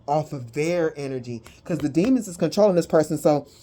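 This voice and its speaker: Excitable woman giving a tarot reading. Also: low voice, a little fast. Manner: animated slangy talk with sudden whoops. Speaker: tarot and energy reader. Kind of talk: excited spiritual reading to viewers.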